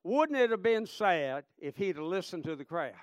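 High-voiced fervent male preacher. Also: sing-song, normal speed, no room sound, highs cut off. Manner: fervent, repetitive, calls out "Amen?" and "friend". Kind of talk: sermon.

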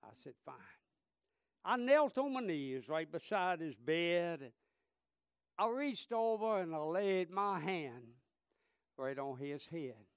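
A man in his thirties, a pastor, preaching a sermon and telling stories, swinging between impassioned shouts and hushed tones. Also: on the high side, sing-song, takes it slowly, smooth, dry recording, studio quality. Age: 30s.

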